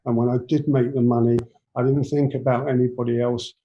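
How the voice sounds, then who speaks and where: A man in his seventies with an English accent, a guest telling his life story in a rambling, halting way full of restarts. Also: mid-range voice, flat delivery, dull audio, a little hiss or hum. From England. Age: 70s. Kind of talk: personal storytelling in an interview.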